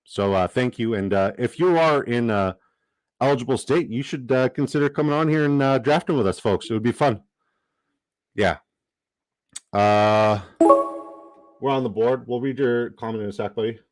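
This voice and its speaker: A young man hosting a livestream in casual chat, profane, excitable and given to rambling asides. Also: medium pitch, normal speed, pauses often, no room sound. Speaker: livestream host.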